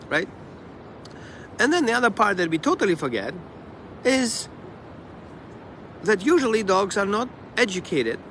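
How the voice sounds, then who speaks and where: A man who trains dogs, talking casually on a live stream and acting out the dog and the owners in quick asides. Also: sits high, a bit bright, a little hiss or hum.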